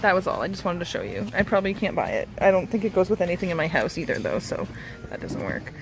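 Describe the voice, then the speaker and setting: A woman's voice: fairly low pitch, very animated, fast talker, music in the background. A woman talking casually in a vlog, chatty and self-deprecating with frequent giggles. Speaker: vlogger.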